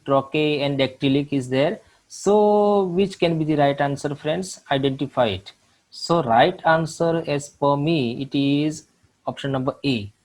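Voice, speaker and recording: A man from India teaching English literature, walking through exam questions with frequent pauses and fillers, calling his viewers friends. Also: on the high side, a little mellow, low-quality recording. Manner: slow, halting, many fillers, addresses viewers as friends. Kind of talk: exam solution lecture.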